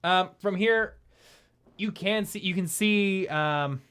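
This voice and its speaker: A man's voice: high-pitched, takes it slowly, fairly bright tone, clean tone. A man narrating a tabletop game as dungeon master, in a loose, hesitant way full of fillers and restarts.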